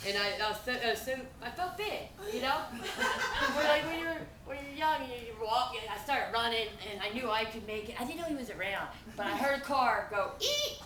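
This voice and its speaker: Woman, stand-up, rambling and laughing, echoey distant recording, loud background noise. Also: fairly high pitch, animated, brisk. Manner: rambling, laughing through her stories. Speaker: stand-up comedian. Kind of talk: stand-up storytelling. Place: event venue. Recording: echoey room, far from mic, loud noise.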